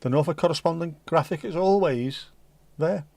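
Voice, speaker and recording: A man's voice: on the high side, creaky, darkish tone, no echo. Jokey middle-aged Liverpool man. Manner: jokey, rambling, quick asides. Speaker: livestream host. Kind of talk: casual chat to a live chat audience.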